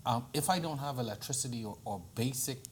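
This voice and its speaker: Male host, mid-pitched voice, conversational questions. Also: fast talker, a little hiss or hum. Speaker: show host. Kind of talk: interview questions.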